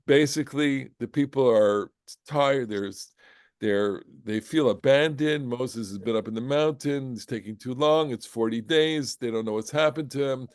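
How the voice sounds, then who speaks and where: Guy giving a torah class, explains everything, gets loud and emphatic, dry mic. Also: medium pitch, moderate pace, clean tone, no echo. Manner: animated, rising to emphatic bursts when voicing Moses; explanatory, with many restarts and "okay?". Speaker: Torah teacher. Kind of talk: informal parasha class.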